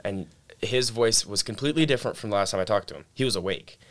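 A man's voice: lowish voice, quick pace. A young man in casual conversation, telling a personal story in a laid-back way and often saying "like" and "dude". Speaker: guest telling his story. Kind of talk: casual chat.

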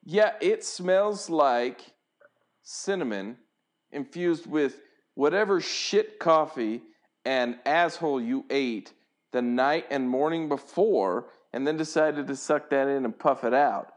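A man's voice: a little high, slow. A man co-hosting a talk show, ranting bluntly and mocking people with crude language. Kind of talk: profane rant on a talk show.

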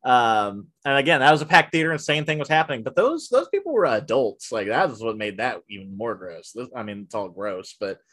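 A man's voice: medium pitch, a little fast, hardly any pauses. Guy host with a super bouncy voice telling theater stories, keeps cracking up. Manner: animated, laughing through stories. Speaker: podcast host, movie theater worker. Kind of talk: casual storytelling chat.

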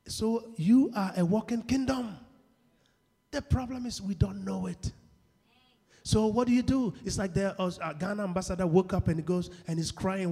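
A man preaching a sermon, asking the congregation questions and shouting at key points, acting out the people in his stories. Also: high-pitched, normal speed. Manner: call-and-response questions, shouts at peaks; acts out quoted people in dialogue. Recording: long hall reverb.

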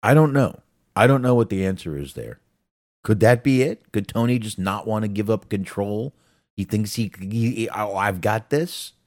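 A man's voice: on the low side, moderate pace, darkish tone, no echo, studio quality. A man co-hosting a wrestling podcast in casual chat, blunt and profane, laughing often. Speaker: podcast co-host.

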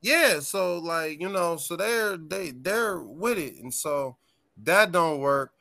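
A man guest on a podcast, telling tour stories in a casual, animated and profane way, laughing often. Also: on the high side, slow pace, vocal fry, no room sound. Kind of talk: casual storytelling chat.

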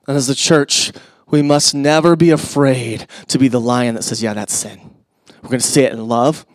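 A middle-aged male pastor preaching a sermon, conversational with asides to the congregation, swinging from loud emphasis to hushed near-whispers. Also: on the high side, no room sound.

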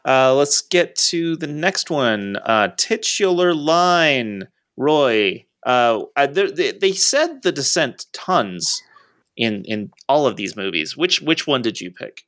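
A man's voice: mid-range voice, very animated, takes it slowly, a bit bright, no room sound. Guy hosting a chatty movie podcast, lots of uh's, dry close sound. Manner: hesitant, many fillers and restarts. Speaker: podcast co-host. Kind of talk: casual chat.

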